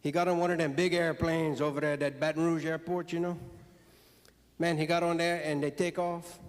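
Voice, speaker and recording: A man's voice: a little high, little pitch movement, brisk. A man with a Cajun accent telling jokes on stage to a live audience in a folksy, drawling way. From South Louisiana. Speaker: storyteller and comedian. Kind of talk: stand-up joke telling. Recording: long hall reverb.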